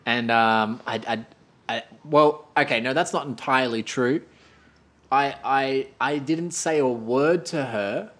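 A man's voice: mid-range voice, a little slow, fairly bright tone. A man in casual chat, telling a story in a rambling, self-correcting way.

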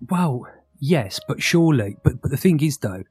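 Husky man, rambling podcast co-host. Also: medium pitch, lively intonation, normal speed, a little mellow, faint music behind. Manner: rambling, self-correcting, leads the questions. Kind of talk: casual film and book discussion.

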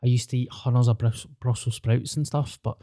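A man's voice: medium pitch, fairly even intonation, brisk, dark tone, dry recording, clean studio sound. A Scottish man chatting on a podcast, telling stories in sweary, laid-back banter. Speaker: podcast co-host. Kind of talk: casual chat.

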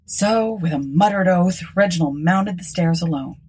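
A woman narrating an old tale as an audiobook, in a measured, expressive way. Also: fairly low pitch, breathy edge.

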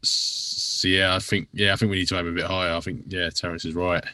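A man co-hosting a casual football podcast, blunt in his opinions and quick with short interjections. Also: low-pitched, little pitch movement, sharp tone, dry recording. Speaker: podcast co-host.

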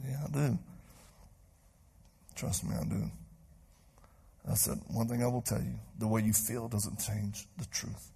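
Gravelly, husky-voiced preacher man. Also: mid-range voice, unhurried, pauses often. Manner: animated, acts out voices in stories. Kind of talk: sermon storytelling. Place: church stage before a live crowd.

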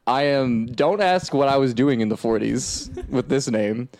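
A man's voice: mid-range voice, expressive, measured pace, darkish tone. A man putting on a comic impression of a pompous male newsman with a mock German accent who brags about rat experiments. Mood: grandiose. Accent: put-on German.

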